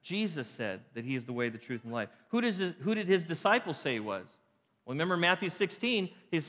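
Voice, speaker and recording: A man preaching a Sunday sermon as pastor, building to emphatic peaks and dropping to a soft, quiet prayer. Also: a little high, very animated, fairly quick, in a large hall. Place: church sanctuary.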